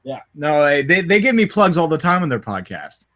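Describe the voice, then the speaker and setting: A man's voice: on the high side, very animated, fairly quick, pushed and bright. A man hosting a podcast in casual chat, laughing often and rambling with restarts. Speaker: podcast host.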